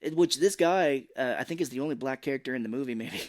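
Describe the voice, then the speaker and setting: A man's voice: mid-range voice, quick pace. A man co-hosting a podcast, recapping a film in casual chat and jumping into playful impressions of its characters. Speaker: podcast co-host.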